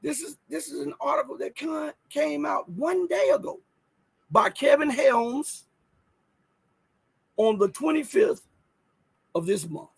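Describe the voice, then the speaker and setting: High gravelly man hosting live news talk. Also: animated, slow, long pauses, dry recording, rough recording. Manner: emphatic, rhetorical questions, thinks aloud while reading articles. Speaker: host.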